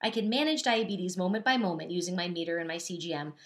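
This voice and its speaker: A woman's voice: fairly low pitch, fast. Chatty, candid young woman. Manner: chatty and candid, with animated quoted asides. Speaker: diabetes advocate. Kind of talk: casual talk to camera.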